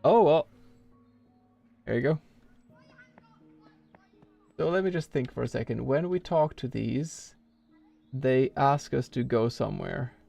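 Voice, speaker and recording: A man's voice: medium pitch, slow pace, creaky, long pauses, dark tone, soft background music. A man streaming a speedrun, rambling casually and thinking aloud with lots of filler words. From Norway. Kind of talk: casual live-stream chat while playing.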